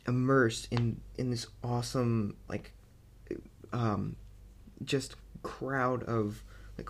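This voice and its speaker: A man giving a casual, rambling movie review, excitable and amused, full of fillers and restarts. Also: medium pitch.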